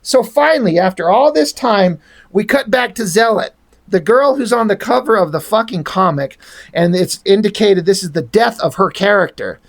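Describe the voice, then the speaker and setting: A man's voice: high-pitched, expressive, normal speed. A man talks through a comic issue in a loose, rambling way, swearing freely and getting heated about the artists. His delivery is casual and opinionated, full of restarts as he works through his points. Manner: rambling, profane, enthusiastic opinions. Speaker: comic book reviewer. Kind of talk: casual spoken comic review.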